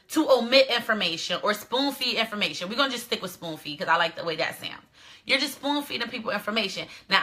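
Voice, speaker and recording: A woman's voice: fairly high pitch, pushed and bright. A woman hosting her own show, giving blunt, profane dating advice in a casual monologue. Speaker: show host.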